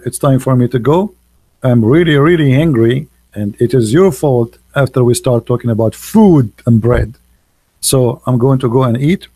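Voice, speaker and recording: Hosting a live stream, a man preaches with emphatic scorn, hammering his points again and again in non-native English phrasing. His medium-pitched voice is gravelly and dark, and the sound is close and dry with no echo.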